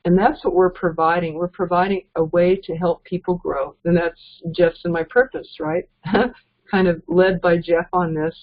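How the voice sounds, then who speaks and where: A woman's voice: lowish voice, steady tone, normal speed. A woman giving a casual, earnest motivational training talk as a network marketing trainer, chuckling between points. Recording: dull lo-fi recording.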